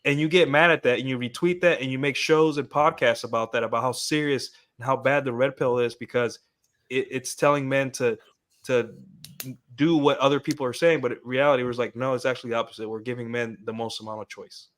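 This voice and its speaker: A man's voice: mid-range voice, steady tone, brisk, fairly bright tone. Rambling man on a podcast. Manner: rambling, full of restarts and fillers. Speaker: podcast co-host. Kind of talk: casual podcast discussion.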